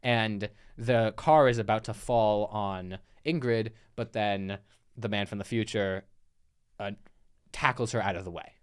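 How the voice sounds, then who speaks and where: A man's voice: on the low side, unhurried, clear, resonant tone. A man co-hosting a film podcast, recapping a plot in a rambling, casual way with restarts. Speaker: podcast co-host. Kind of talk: casual film review chat.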